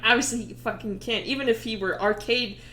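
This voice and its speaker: A woman streamer retelling a story in a casual way, crude, giggly and animated. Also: on the high side, brisk, roomy sound, a little hiss or hum.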